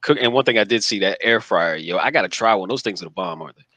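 A man's voice: on the low side, animated, quick pace, sharp tone, no echo. A man hosting a podcast, asking questions in a laid-back, joking way. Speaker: podcast host. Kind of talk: casual interview.

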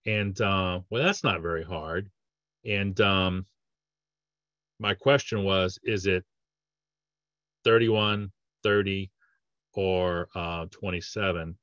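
Low-voiced man presenting a dental webinar. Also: fairly even intonation, slow, pauses often, a bit bright, dry recording, dull audio. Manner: conversational, with many fillers and restarts. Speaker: dentist giving a training webinar. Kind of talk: casual technical presentation.

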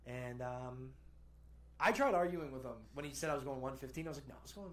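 A man's voice: medium pitch, quick pace. A young man in casual podcast chat, telling a story in a loose, rambling way with plenty of fillers. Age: young adult. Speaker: podcast co-host.

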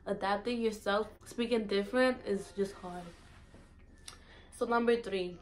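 A woman's voice: medium pitch, a little slow, soft background music, low-quality recording. A young woman from St. Thomas with a US Virgin Islands accent, chatting casually and playfully in a vlog. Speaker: vlogger. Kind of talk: casual chat.

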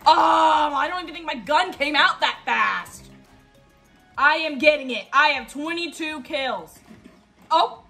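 A woman playing a shooter game and talking to herself as she goes. She is excitable, keeps repeating short phrases, and yelps and laughs at what happens on screen. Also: high voice, a little slow, creaky, faint music behind. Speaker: gaming video host. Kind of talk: live gameplay commentary.

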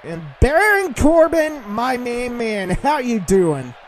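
A man voicing a brash male heel wrestler in a game, throwing shouted taunts and insults. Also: very high-pitched, sing-song, slow pace, a little hiss or hum, heavily acted, poor audio. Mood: smooth. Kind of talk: role-play voicing a game character.

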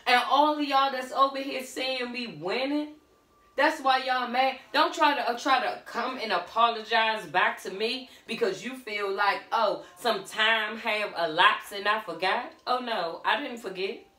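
A woman's voice: a little high, moderate pace, bright, forceful tone, distant mic. A woman doing a casual tarot reading, sassy and blunt, calling the listener honey and baby girl. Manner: sassy, blunt, calls listener pet names. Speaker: tarot reader. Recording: roomy echo, off-mic.

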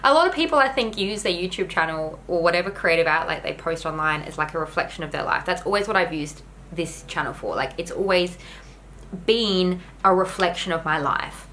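A woman's voice: fairly low pitch, fairly quick, fairly bright tone, a little hiss or hum, low-quality recording. A young woman talking candidly to camera in a home vlog, earnest and rambling with lots of "like" fillers. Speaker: YouTuber.

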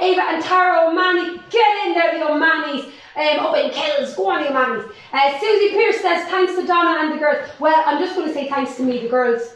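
A woman's voice: very high-pitched, dull audio. An Irish woman leading a live-streamed workout class from home. She cheers people on and counts down. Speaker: fitness instructor. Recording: echoey room.

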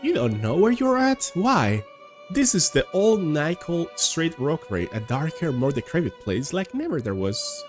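A man's voice: fairly high pitch, very animated, a little slow, faint music behind. A man voicing a brusque woman who lives in a slum, with a blunt, dismissive way of talking.

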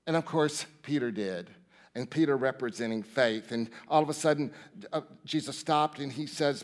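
A man's voice: mid-range voice, moderate pace. A man preaching a sermon as minister, emphatic, repeating key phrases and asking his listeners rhetorical questions. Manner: addresses listeners directly, asks rhetorical questions. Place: church sanctuary.

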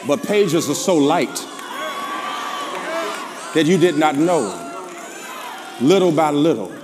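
Southern preacher, man, higher-pitched, shouting call-and-response sermon, live crowd in the room. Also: animated, slow, long reverb tail. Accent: Southern American. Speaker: pastor. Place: large church before a live congregation. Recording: live church with crowd and noise. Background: congregation responding.

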